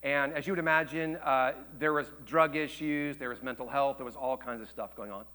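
A man preaching a sermon, telling a story with lively shifts between loud excited quotes and hushed quiet passages. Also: brisk. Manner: animated storytelling, acts out quotes with jumps in pitch and volume; drops to a hushed, low voice for tender moments. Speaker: pastor.

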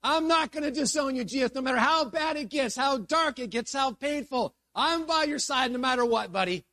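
A man voicing an impetuous, boastful young male disciple who makes loud, insistent vows. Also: on the high side, expressive, fairly quick, no room sound, clean studio sound.

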